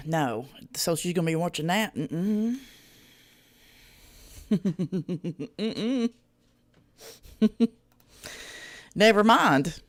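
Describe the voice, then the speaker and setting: A host chatting on a reaction livestream, greeting viewers by name and swearing in a folksy, drawling way. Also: medium pitch. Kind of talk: casual reaction livestream chat.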